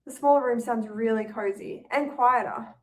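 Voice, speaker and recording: A woman's voice: a little high, normal speed, distant mic. A young woman reading her own first-person story as a tense, anxious inner monologue. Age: young adult.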